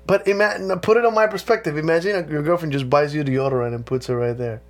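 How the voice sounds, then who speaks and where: A man with a gravelly, rough-edged voice pitched a little high for a man. He co-hosts a crude podcast chat, swearing freely and breaking into laughter often. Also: fast talker. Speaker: podcast co-host.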